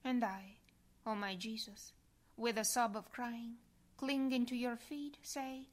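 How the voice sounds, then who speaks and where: Woman narrator for a devotional reading, unhurried and hushed, at times near a whisper. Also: fairly high pitch, steady tone. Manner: slow, soft, prayerful, sometimes whispered.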